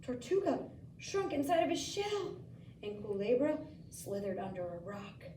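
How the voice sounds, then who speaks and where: A woman teacher reading a picture book aloud to a child, asking gentle questions and giving the characters lively voices. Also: on the high side, normal speed, a little hiss or hum. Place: school room. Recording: echoey room, mic from far off.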